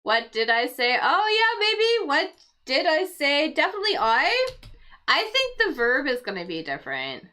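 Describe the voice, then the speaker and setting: A woman's voice: high-pitched, huge pitch swings, moderate pace, bright, forceful tone. A woman hosting a casual crossword livestream for English learners, thinking aloud and explaining word meanings patiently.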